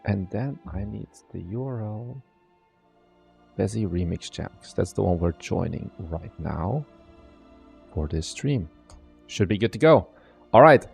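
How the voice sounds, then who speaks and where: Hoarse young game-dev streamer, lowish voice, chatty and rambling, faint music under. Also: male voice, expressive, unhurried, pauses often, darkish tone. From Belgium. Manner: chatty, greets chat by name, rambling asides. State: strained, partly lost voice. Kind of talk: casual live stream chat.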